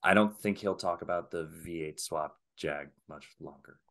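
A man hosting a casual podcast, upbeat and quick to laugh as he wraps up the show. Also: deep voice, fairly bright tone. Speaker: podcast host.

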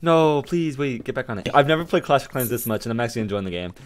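A young man gaming with friends over voice chat, joking and repeating himself when excited. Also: medium pitch, fast talker, a crowd in the background. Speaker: gamer in voice chat. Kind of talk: casual voice chat banter.

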